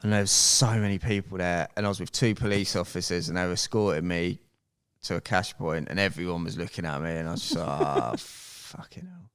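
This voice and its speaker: A man, a podcast guest, telling a story in casual chat, animated and swearing freely as he goes. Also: low voice, fast, clear, resonant tone.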